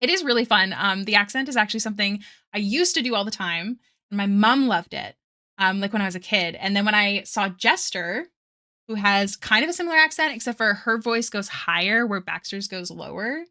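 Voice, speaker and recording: A young woman chats away on her art stream, rambling from one story to the next and laughing often. Her voice is bright and clear, with middling pitch, and she reads viewers' messages aloud between thoughts. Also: lively intonation, fairly quick. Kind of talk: casual stream chat while drawing.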